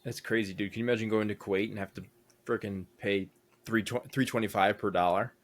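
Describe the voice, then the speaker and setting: Young male podcast co-host, low voice, easygoing rambling delivery. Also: steady tone, fairly quick. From United States. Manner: rambling, thinks aloud with many fillers. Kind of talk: casual chat.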